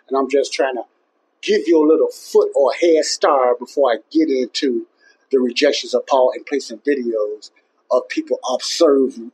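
A man's voice: mid-range voice, darkish tone, slightly rough, rough recording. A man teaching the Bible in an informal, emphatic way, often repeating himself and restarting his phrases. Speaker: Bible teacher and podcast host.

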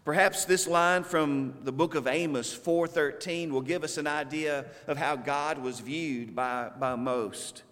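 A man preaching a sermon with a Southern US accent, speaking slowly and deliberately with emphatic pauses. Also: fairly high pitch, steady tone, fairly bright tone, in a large hall. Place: church sanctuary.

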